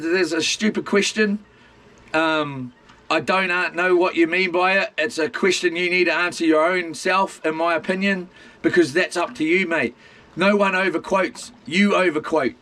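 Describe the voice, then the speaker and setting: Blunt high-voiced New Zealand man. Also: steady tone, unhurried, bright, forceful tone. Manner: blunt, rambling, keeps saying "mate". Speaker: livestreamer. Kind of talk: casual livestream rant.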